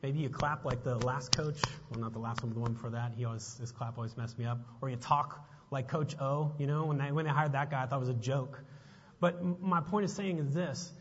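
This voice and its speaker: A man preaching a sermon as a pastor, moving between relaxed chat and pointed, emphatic questions. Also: medium pitch, a little fast, slight background noise. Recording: muffled sound with long reverb.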